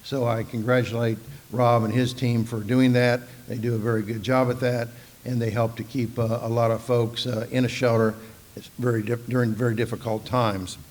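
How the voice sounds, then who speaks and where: Flat-voiced man giving civic remarks. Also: mid-range voice. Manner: measured, steady delivery with filler "uh"s. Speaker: city official speaking for the city. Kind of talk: formal public remarks.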